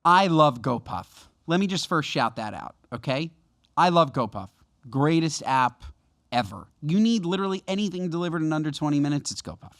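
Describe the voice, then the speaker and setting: Male podcast co-host, lively swooping delivery, mock-outraged rants, dry close mic. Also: a little high, a little fast, no echo. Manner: animated, mock-outraged ranting. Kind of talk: casual comedic podcast chat.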